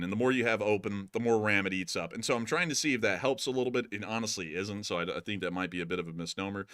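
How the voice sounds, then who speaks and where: A man hosting a casual live stream, talking in an animated, mocking way with lots of "like" and "dude". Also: fairly low pitch, dry recording, studio quality. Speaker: host.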